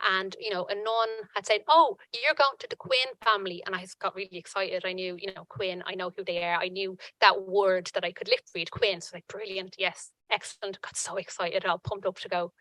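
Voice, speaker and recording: Bright-voiced woman telling her story. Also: mid-range voice, poor audio. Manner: earnest, halting, many restarts. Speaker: conference panel speaker. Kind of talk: personal testimony at a conference.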